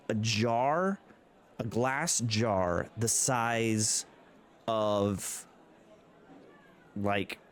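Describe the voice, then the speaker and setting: A man narrating as game master in a tabletop role-playing game, casual and sometimes searching for the right word. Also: medium pitch.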